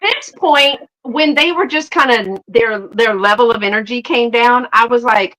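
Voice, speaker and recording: A middle-aged woman from the Southern United States hosts a live sale, casually telling a story and animatedly acting out quotes, often laughing. Her voice is on the high side, unhurried, with hardly any pauses, and the recording is low quality.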